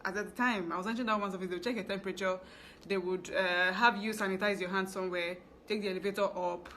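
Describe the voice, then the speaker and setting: A young woman with a Nigerian English accent tells a story in a casual vlog, chatty and full of asides. Her voice is bright and sits in a middle pitch. A faint hiss runs under the recording. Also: fairly even intonation, quick pace. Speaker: fashion business owner vlogger.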